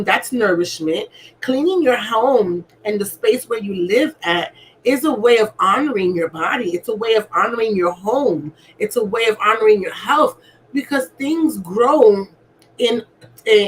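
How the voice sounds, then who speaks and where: A woman's voice: medium pitch, slight background noise, poor audio. A woman speaking as a wellness coach, coaxing her listeners and often asking "right?" as she guides them through breathing. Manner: coaxing, keeps asking "right?", acts out gasps. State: asthmatic. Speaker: alignment coach. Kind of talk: motivational wellness talk.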